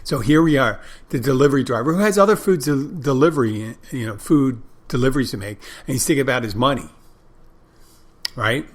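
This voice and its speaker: A man's voice: mid-range voice, fairly quick. A middle-aged man hosting a podcast, telling a rambling, profane story in a casual monologue with frequent restarts. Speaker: podcast host.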